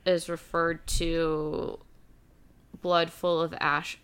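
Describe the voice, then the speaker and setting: A woman co-hosting a casual book discussion, polite and unhurried, asking questions about the story. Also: deep voice, little pitch movement, a bit bright, smooth. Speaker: book podcast co-host.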